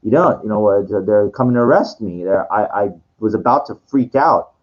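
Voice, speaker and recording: Rambling man with a low voice. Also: brisk. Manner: rambling, many fillers and restarts. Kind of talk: casual storytelling monologue. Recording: dull lo-fi recording.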